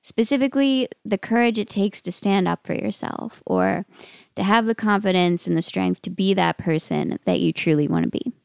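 A woman's voice: medium pitch, moderate pace, gravelly, a little mellow, smooth, no echo. Woman host, scripted intro, close dry sound, informative.

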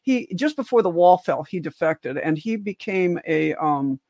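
An older woman, a physician co-hosting a livestream discussion, speaks in a fairly low, expressive, slightly mellow voice at an unhurried pace. She rambles at length with restarts and asides, her voice rising to stress key points. The studio recording is clean, with no echo.

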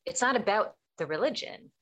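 A woman's voice: mid-range voice, a little fast. A woman therapist explaining things in casual chat, acting out quoted dialogue as she tells stories. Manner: animated storyteller acting out quotes.

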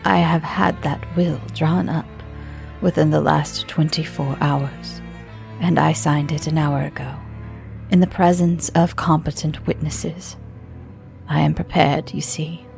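A woman's voice: deep voice, steady tone, unhurried, gravelly, darkish tone, faint music behind. A woman voicing a terrified dying man who groans and drops into whispers, in a spoken ghost story. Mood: urgent. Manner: frantic, groaning, breaks into whispers.

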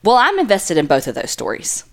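A woman co-hosting a podcast in casual chat, talking in a chatty, animated way. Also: mid-range voice, fairly quick. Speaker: podcast co-host.

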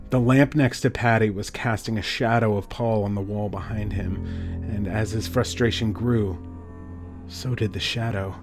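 Male narrator, scripted horror reading, low pitch, measured, faint background music. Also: fairly even intonation.

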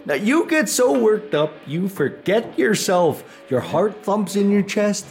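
An actor with a Canadian accent playing a gruff, cursing, irritable drinking man in a stage play. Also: high-pitched, very animated, a little slow, darkish tone, faint music behind, heavily acted. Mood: storytelling. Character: grumpy, fed-up man Floyd.

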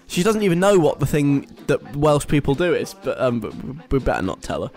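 A man's voice: on the high side, big pitch swings, a little fast, few pauses, a little mellow, faint music behind. A young British man hosting a radio show, reading a list aloud and mocking it in a chatty, wry way. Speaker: radio host. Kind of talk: casual radio talk.

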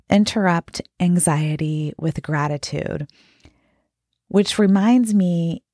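A woman's voice: sits low, darkish tone, no room sound, studio quality. Congested woman hosting a podcast. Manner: earnest, heartfelt. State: congested with a cold. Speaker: podcast host. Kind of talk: solo podcast talk.

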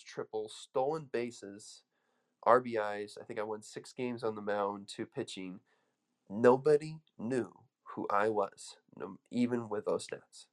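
A man coaching an audience with an emphatic, storytelling motivational speech, full of restarts. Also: on the low side. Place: room with an audience.

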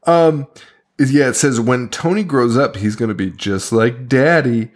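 A man's voice: medium pitch, unhurried. A man co-hosting a horror podcast, casually recapping a film with lots of laughter and swearing. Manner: laughing often, swearing, animated storytelling. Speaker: podcast co-host.

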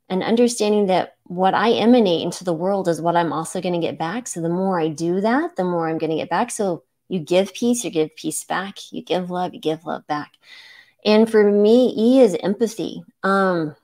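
A middle-aged woman doctor talking through a reflective podcast monologue in a slightly low voice. She speaks earnestly and encouragingly, checks in with "right?" and fills pauses with "um". She is emotional and close to tears. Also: darkish tone. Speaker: physician podcast host.

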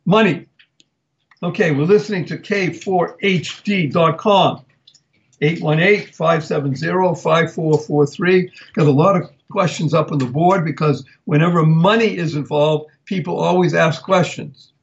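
An older man hosting a live talk radio show, speaking slowly and deliberately and spelling words out for emphasis. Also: a little high, creaky, lo-fi sound, a little hiss or hum.

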